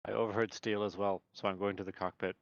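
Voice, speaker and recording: A man's voice: fairly low pitch, flat delivery, fast talker, no room sound, muffled recording. A man playing a tabletop game, talking wryly and sarcastically with some swearing. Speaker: player.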